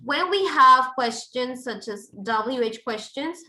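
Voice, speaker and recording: Bright-voiced woman teaching English grammar. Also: high-pitched, lively intonation, takes it slowly, roomy sound, a little hiss or hum, poor audio. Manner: explains step by step with examples. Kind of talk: online grammar lesson.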